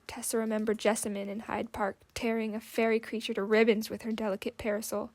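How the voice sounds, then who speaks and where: A woman narrating an audiobook with measured, steady storytelling. Her voice sits a little high and keeps a narrow, even pitch. She delivers the text in a smooth, scripted way.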